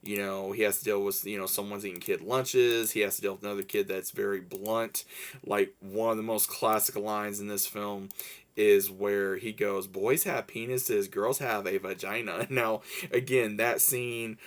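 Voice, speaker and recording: Rambling, low-voiced man reviewing a movie. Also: flat delivery, normal speed. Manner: rambling, many fillers and restarts; enthusiastic, laughs while recalling scenes. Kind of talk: casual spoken movie review.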